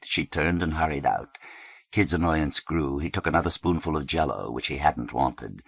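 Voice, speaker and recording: A man narrating a literary novel in a measured, understated way. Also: extremely low pitch, vocal fry, slightly rough, no room sound. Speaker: audiobook narrator.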